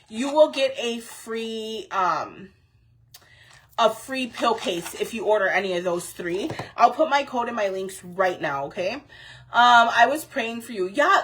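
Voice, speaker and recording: A woman's voice: fairly high pitch, a bit bright, husky. A woman in her thirties talking casually and heartfeltly to her viewers, rambling with many fillers. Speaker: vlogger.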